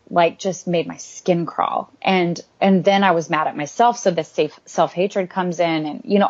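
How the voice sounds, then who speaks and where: A woman with a fairly low voice tells her personal faith story as an interview guest. She speaks earnestly and rambles, full of fillers and restarts. The recording sounds dull and lo-fi. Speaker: guest author.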